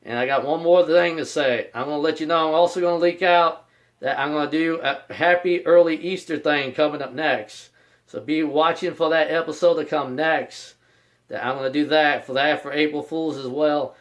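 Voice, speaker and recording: Man with a somewhat high voice, rambling and repetitive, talking about himself in the third person as a channel host. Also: steady tone, moderate pace. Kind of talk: casual vlog announcement.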